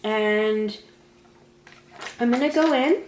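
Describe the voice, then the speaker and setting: A woman's voice: a little high, takes it slowly, a little hiss or hum. A woman casually talking through a makeup tutorial, describing each step as she applies it. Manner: chatty, talks through each step while applying makeup. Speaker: beauty vlogger. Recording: echoey room.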